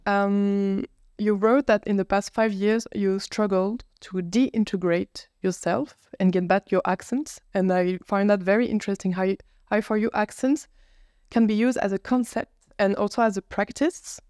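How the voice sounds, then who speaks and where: Brief: female panel moderator, thoughtful questions, mid-pitched voice, dry sound. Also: steady tone, normal speed, darkish tone, clear, resonant tone, no echo. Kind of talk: academic panel discussion. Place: conference hall panel.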